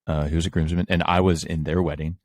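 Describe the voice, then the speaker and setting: A man's voice: very deep voice, flat delivery, quick pace, a little mellow, no echo, clean studio sound. A young man hosting a podcast, telling stories casually with laughs and self-mocking humor. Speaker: podcast host.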